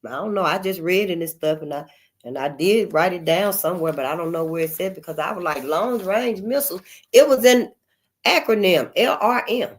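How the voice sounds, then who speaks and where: A woman's voice: fairly low pitch, fairly quick. An older woman hosting her channel in a casual, unscripted monologue, emphatic and repetitive, calling her listeners honey. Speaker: channel host.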